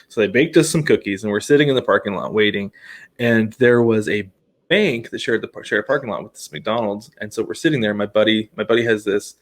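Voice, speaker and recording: A man in his thirties, one of a podcast's co-hosts, speaks fairly quickly in a lowish voice while telling a long, amusing story in casual chat. Animated throughout, he laughs often and acts out quoted voices.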